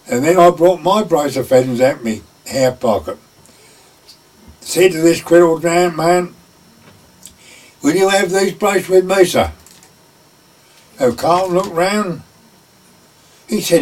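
A man's voice: on the high side, animated, normal speed, long pauses, a little mellow. Older man telling yarns, distant mic. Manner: folksy anecdote, acting out the quoted voices. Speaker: former gamekeeper. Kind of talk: oral history storytelling. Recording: voice picked up from a distance.

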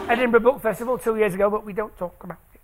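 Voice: medium pitch, big pitch swings, brisk, noisy background. A stage presenter doing maths tricks live for an audience in a hall, playful and jokey as they draw the crowd in.

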